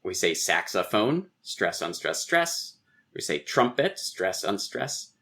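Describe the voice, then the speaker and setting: A man's voice: deep voice, very animated, slow pace, gravelly, bright, forceful tone. A man, a poet and guest on a podcast, explaining verse meter in conversation, tapping out rhythms aloud and reciting lines of poetry.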